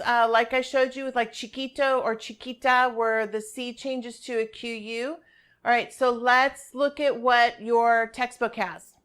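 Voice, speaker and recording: A woman's voice: a little high, fairly bright tone. A middle-aged woman teaching a Spanish grammar lesson over a shared screen, patiently checking in with her students as she explains. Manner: patient, checks in with "all right?" and "okay?".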